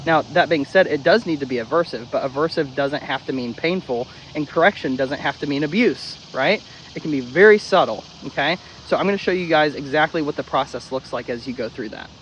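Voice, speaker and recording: Fairly quick and fairly bright in tone, this man's fairly high voice comes through a rough recording with slight background noise. He's a dog trainer giving casual instruction, bluntly breaking correction down into steps. Swearing freely, he drills the key steps with repetition.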